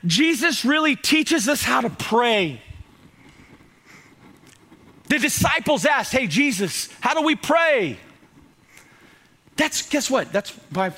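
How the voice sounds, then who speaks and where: A male pastor preaches with fiery passion, his voice high for a man and bright, almost ringing. He swings from near-shouts on his key points to quiet, hushed lines, and acts out the dialogue in his stories. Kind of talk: sermon.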